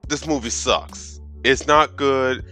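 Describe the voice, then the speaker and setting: A man's voice: mid-range voice, slow pace, sharp tone, soft background music. A man in his thirties giving a profane, sarcastic movie review as a casual rant, with stumbling restarts. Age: 30s.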